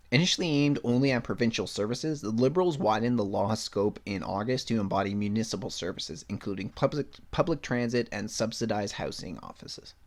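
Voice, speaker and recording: Blunt, sarcastic podcast host. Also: male voice, lowish voice. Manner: blunt, sarcastic, swears freely. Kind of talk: solo opinion podcast, reading news and ranting.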